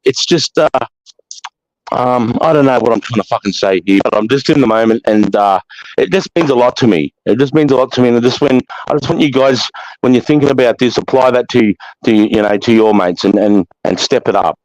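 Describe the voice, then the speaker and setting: Medium-pitched with a darkish tone, the Australian live chat host talks briskly in a casual monologue, bluntly swearing and preaching with emphasis. The dry, dull lo-fi audio has no room sound.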